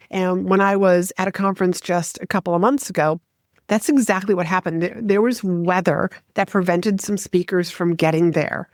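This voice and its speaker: A woman's voice: fairly low pitch, darkish tone, dry recording, clean studio sound. A woman, a speaking coach, giving direct conversational advice as the host of her own solo podcast.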